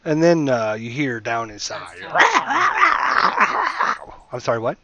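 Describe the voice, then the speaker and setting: A man's voice: mid-range voice, slow pace, dull audio. A man narrating a tabletop game as game master, meandering and hesitant, with many fillers, heard over voice chat.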